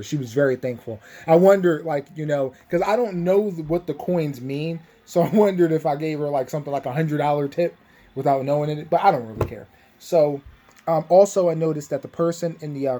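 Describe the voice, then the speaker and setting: A man's voice: on the high side, warm tone. A young man casually recapping a tabletop game session, rambling with lots of fillers and restarts.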